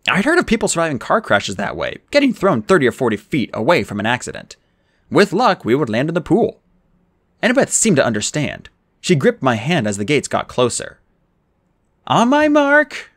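A man reading an adventure novel aloud in the first person, with an expressive, dramatic delivery. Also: a little high, fairly quick, dry recording. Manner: expressive, dramatic reading with raised character lines. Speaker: audiobook reader.

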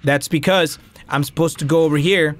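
A man giving excitable, profane let's-play commentary on a game, slipping into Spanish slang now and then. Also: fairly high pitch, normal speed. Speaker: gaming YouTuber. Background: game music.

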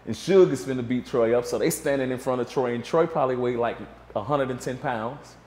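A man appearing as a guest in a relaxed interview speaks briskly at medium pitch, his voice sounding roomy. Telling a story with lots of animation, he performs the quotes of other people.

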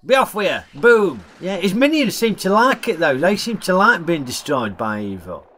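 A man's voice: sits high, sing-song, normal speed, noisy background. A man reviewing a film in a chatty, jokey way, using broad dialect. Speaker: film reviewer, channel host.

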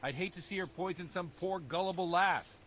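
An actor playing a worried, stern village priest in a video game, speaking in an earnest, preachy way. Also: male voice, high-pitched, brisk, fairly bright tone, slight background noise. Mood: grave. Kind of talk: game character dialogue.

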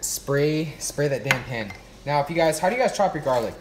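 A man's voice: fairly high pitch, expressive, brisk, noisy background. A man hosting a casual livestream, joking and mocking himself with lots of swearing while he cooks. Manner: profane, joking, self-mocking.

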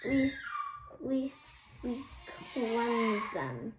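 A woman's voice: fairly high pitch, very animated, extremely slow, over music, exaggerated voice. Woman doing a stammering frightened little girl. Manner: stammering, timid. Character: frightened small orphan girl.

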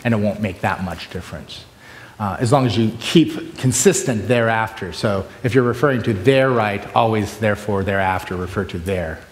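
Male lecturer, expressive, loud-to-hushed swings, recorded in a reverberant hall. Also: lowish voice, moderate pace. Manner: animated, shifts between loud bursts and hushed asides. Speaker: preaching workshop speaker. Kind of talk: conference lecture with demonstrations. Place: large hall with long reverb. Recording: echoey hall from far off.

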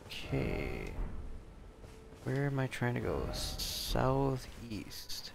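A man giving casual, excitable let's-play commentary, swearing and exclaiming often. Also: medium pitch, extremely slow, vocal fry, noisy background. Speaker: gamer.

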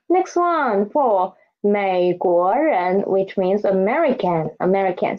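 Woman, language teacher, slow and patient, fairly high voice, dull lo-fi sound. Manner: slow, repeats words for learners to echo. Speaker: Chinese teacher. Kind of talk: online language lesson.

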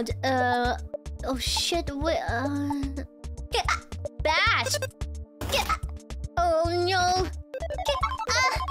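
A woman streamer giving excitable, giggly game commentary, often stammering and shouting. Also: high-pitched. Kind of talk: game let's-play commentary. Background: game music.

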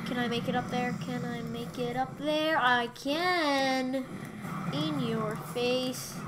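A young woman narrating her Minecraft rounds as a gaming YouTuber, her voice sitting on the high side. She drawls slowly, then breaks into excited squeals and shouts at each turn of the game. Her mic picks up a steady hiss and clicks from the keyboard and mouse. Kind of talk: Minecraft let's play commentary.

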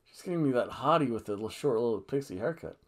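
A quick-talking man with a medium, animated voice co-hosts a podcast reviewing a wrestling show. Slightly buzzed on red wine, he wanders and cracks jokes, bursting into goofy singing and chants now and then.

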